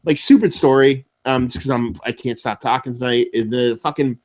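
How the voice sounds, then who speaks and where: A young man co-hosting a beer podcast, telling stories in a rambling, profane, animated way. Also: mid-range voice, a little fast. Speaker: podcast co-host. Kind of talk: casual chat.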